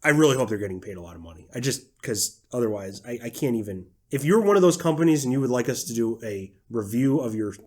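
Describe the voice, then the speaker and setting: Young man, podcast co-host, sarcastic ranting, swears, medium pitch. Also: expressive, fast, hardly any pauses, darkish tone. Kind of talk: casual chat.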